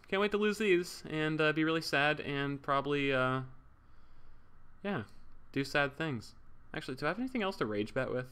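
A man's voice: mid-range voice, pushed and bright. A young man streaming a game, chatting casually, joking, swearing and thanking subscribers as he reads the chat. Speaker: livestreamer.

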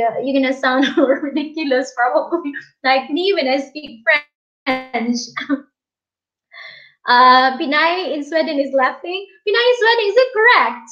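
A woman's voice: sits high, fairly bright tone. Chatty woman livestreaming. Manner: chatty, laughs often, reads viewer comments aloud. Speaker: livestream host. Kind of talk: casual livestream chat. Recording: dull lo-fi stream audio.

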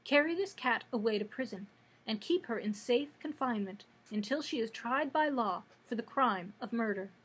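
Regal young storybook princess, firm and gentle, read by a woman. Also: a little high, lively intonation, moderate pace, husky, low-quality recording. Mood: stern. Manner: gentle but stern.

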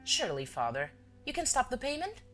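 A woman voicing a gentle, innocent young daughter who speaks softly. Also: high-pitched, wildly swooping pitch, brisk, faint music behind, voice pushed up, heavily acted. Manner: soft, murmuring.

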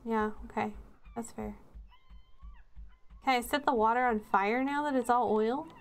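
A woman's voice: on the high side, a little slow. A woman streaming a horror game, chatting with sarcastic jokes and giggles as she plays. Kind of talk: live game commentary.

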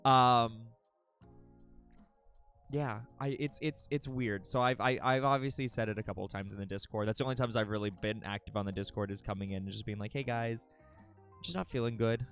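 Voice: mid-range voice, steady tone, a little fast, smooth. A live streamer chatting casually with viewers, greeting the chat by name and swearing freely as they ramble. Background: faint background music.

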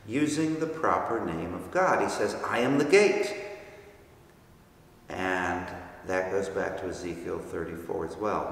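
A man with a somewhat low voice leads a Bible study lecture and patiently works through each term. His voice rings around a very echoey church hall with a long reverb tail. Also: gravelly, a bit bright. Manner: patient, explains terms step by step.

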